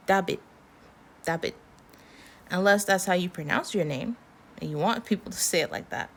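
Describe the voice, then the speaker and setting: A woman's voice: medium pitch, a little hiss or hum. A woman with an American accent teaching a language lesson, patiently explaining and repeating example words.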